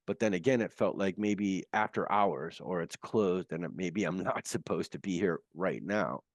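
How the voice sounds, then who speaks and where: Earnest low-voiced man on a video call. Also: dry recording, clean studio sound. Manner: earnest, halting, many restarts. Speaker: guest. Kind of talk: recounting a near-death experience.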